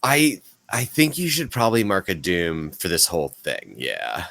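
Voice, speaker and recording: A man running a tabletop game as game master, checking in with the players through quick clarifying questions. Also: low-pitched, animated, gravelly, fairly bright tone, no echo.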